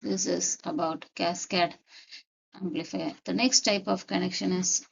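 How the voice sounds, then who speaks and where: A woman lectures in a measured, step-by-step way, going back over each key point to be sure it lands. Her voice has a gravelly, creaky edge. The recording sounds muffled and lo-fi. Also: fairly low pitch, steady tone. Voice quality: repeats key points deliberately. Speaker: teacher.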